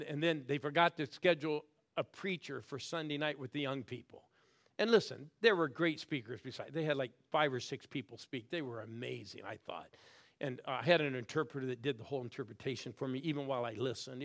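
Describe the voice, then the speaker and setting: A man in his sixties preaching a sermon, swinging from loud calls to the crowd down to soft, hushed lines. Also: medium pitch. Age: 60s. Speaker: guest preacher.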